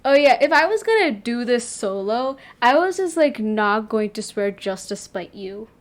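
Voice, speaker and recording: A woman's voice: a little high, sing-song, moderate pace. A young woman streamer chatting casually and playfully with a friend, filling her talk with "like". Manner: chatty, lots of fillers, playful. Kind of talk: casual chat on a livestream.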